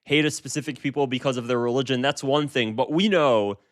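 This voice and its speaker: A man's voice: medium pitch, a little fast. A man in his twenties giving casual political commentary, emphatic and repeating himself with frequent restarts. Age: 20s.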